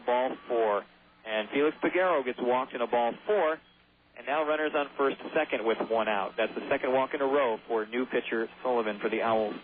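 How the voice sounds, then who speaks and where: A man calling baseball play-by-play on the radio, chatty and given to jokey asides. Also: medium pitch. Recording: tinny phone-like radio broadcast.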